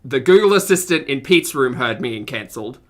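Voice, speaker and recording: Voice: mid-range voice, lively intonation, brisk, slight background noise. A reaction streamer giving casual commentary on a video, full of chatty, self-deprecating asides.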